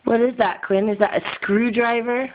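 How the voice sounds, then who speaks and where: A woman's voice: fairly high pitch, fairly even intonation, moderate pace, slight background noise. A woman, a parent, patiently coaxing her toddler to name things in a home video. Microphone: phone camera. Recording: dull lo-fi phone audio.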